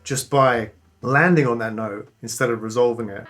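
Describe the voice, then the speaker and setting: A man giving a casual guitar lesson, relaxed and enthusiastic, pausing to play between phrases. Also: mid-range voice. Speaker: guitar teacher. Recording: clean guitar loud behind. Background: guitar playing.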